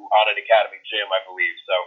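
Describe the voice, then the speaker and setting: A low-voiced American man talks as an interview guest, easygoing and repeating words as he goes. He sounds like he's on a tinny phone line. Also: level tone, rapid-fire, husky, faint music behind. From United States. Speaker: strength coach guest. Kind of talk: casual interview.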